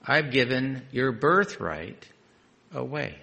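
A man preaching a sermon, reading scripture aloud and adding conversational, quietly emphatic asides. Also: mid-range voice, lively intonation, moderate pace.

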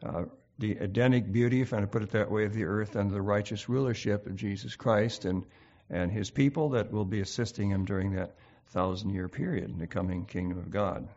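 A man's voice: fairly low pitch, fairly even intonation, fairly quick, a little mellow, dull audio. Man leading a rambling Bible study. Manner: thinks aloud, reads scripture with frequent fillers. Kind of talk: informal Bible study talk.

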